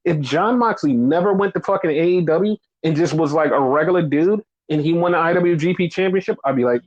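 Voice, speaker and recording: A man with a fairly high voice rants on a casual podcast, cursing constantly and slipping into mocking sarcastic impressions. The audio is dull and lo-fi. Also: brisk, hardly any pauses. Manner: angry profane ranting, mocking sarcasm. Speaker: podcast host. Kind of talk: casual chat.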